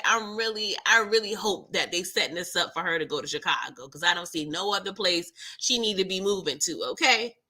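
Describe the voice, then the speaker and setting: A woman hosts a casual TV episode recap at medium pitch, playful and animated. She laughs often and acts out the characters' lines.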